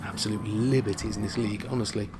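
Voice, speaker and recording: A man's voice: on the low side, fast. A man giving casual, jokey commentary over his own football video game. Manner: animated, jokey, football banter. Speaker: gaming video host.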